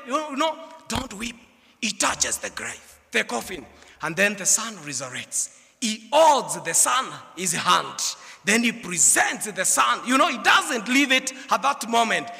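A man preaching a funeral sermon, telling stories and moving from quiet asides to shouted exhortation. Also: high-pitched, creaky. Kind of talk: sermon with storytelling. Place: church. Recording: echoey church hall with long reverb.

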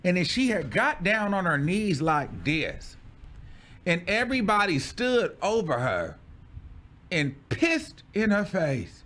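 A man's voice: high-pitched, big pitch swings, unhurried, a bit bright. A man telling a personal story in casual story-time style, dramatic and full of exclamations.

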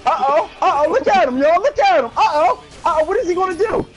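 High, animated trash-talking gamer. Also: brisk, soft background music. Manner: taunting, repetitive, sing-song teasing. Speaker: gamer streaming online matches. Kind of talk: trash-talking gameplay commentary.

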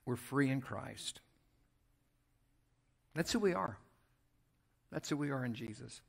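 A man with a Southern American accent, a pastor preaching a sermon in a church, moving from loud emphasis to quiet, conversational asides as he tells a story. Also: mid-range voice, lively intonation, slow, vocal fry. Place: church sanctuary.

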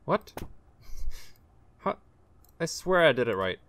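Here is a gamer streamer chatting with friends over voice chat at an easy, unhurried pace. The voice swings up and down a lot as they tease the others and keep breaking into giggles. It sounds like a desk microphone. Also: mid-range voice, very animated, a bit bright, no room sound. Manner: giggly, teasing. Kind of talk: casual gaming chat over voice chat.

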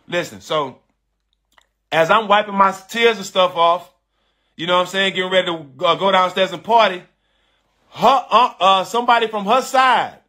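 A man casually telling a personal story to an online audience, animated and emphatic, repeating phrases and calling his listeners "dog" and "bro.". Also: high voice. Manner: frank and confessional, with slangy speech.

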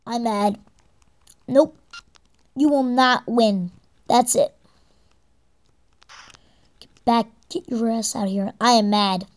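A woman's voice: on the high side, slow, long pauses. A young woman giving gameplay commentary, exasperated and swearing at the game as she plays. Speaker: let's play gamer.

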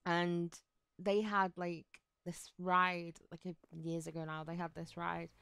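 A woman chatting casually on a game live stream, excitable and giggly, with lots of likes and ums. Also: fairly low pitch, slow, gravelly, smooth, no room sound. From United Kingdom.

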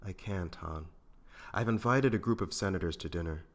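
A man voicing a calm, good-natured middle-aged Jedi in a fan audiobook reading. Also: sits low, moderate pace. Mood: friendly.

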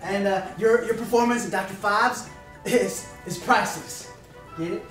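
A man's voice: sits high, normal speed, fairly bright tone, heavy reverb, far from the mic, faint music behind. A man voicing a dopey, melodramatic lab assistant who cracks bad puns. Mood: goofy. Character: goofy doom-saying male lab assistant.

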